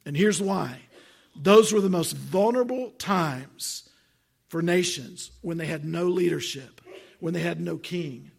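A man's voice: fairly high pitch, a little slow, creaky, breathy edge. A man preaching a sermon, stammering through restarts and putting questions to the congregation. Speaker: pastor. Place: church sanctuary.

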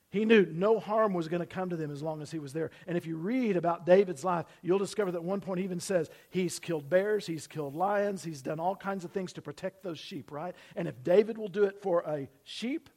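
A man preaching a sermon to his church, swinging from loud emphasis down to hushed tones and having the congregation repeat after him. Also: fairly high pitch. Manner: preaching with sudden loud emphasis and drops to near-whisper; asks the congregation to repeat phrases. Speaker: pastor. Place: church building.

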